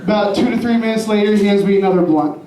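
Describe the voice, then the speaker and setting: High-voiced man doing crude stand-up. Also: quick pace, mellow, far from the mic, slight background noise. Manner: crude, rambling, laughs at own jokes. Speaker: stand-up comedian. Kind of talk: stand-up set. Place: comedy club stage. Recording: roomy club sound from afar. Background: audience laughter.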